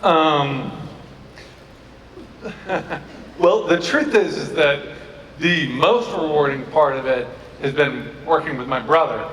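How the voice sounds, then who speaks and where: Sincere guy on a panel, halting, fairly high voice, echoey hall. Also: a bit bright. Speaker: actor on a convention panel. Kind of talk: panel talk. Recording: echoey hall recorded from far off, crowd noise.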